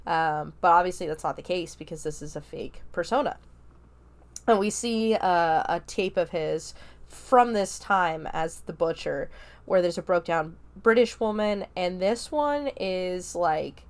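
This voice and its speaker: A woman hosting a podcast, giving a casual spoken review of a film, talking chattily with lots of ums and likes. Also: lowish voice. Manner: chatty, many fillers like um and like.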